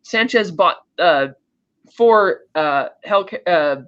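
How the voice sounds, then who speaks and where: A podcast host with a high-pitched, smooth voice takes his time, the sound lo-fi. In a casual, animated way he recaps a film scene by scene, acting out the characters' lines of dialogue.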